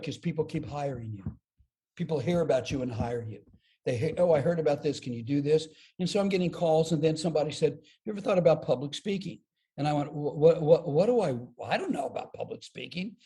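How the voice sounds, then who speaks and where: An older man, a comedian and speaker, telling a personal story as a podcast guest, lively and self-deprecating, acting out the quotes. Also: on the high side, brisk. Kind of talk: storytelling an anecdote.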